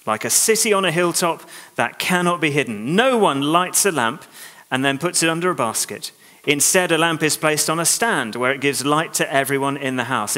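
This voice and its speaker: A man preaching a sermon in a church, reading scripture aloud and urging his listeners on with lively emphasis. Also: a little high, normal speed. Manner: animated, exhorting, reads scripture aloud. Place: large church hall. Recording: long church hall reverb.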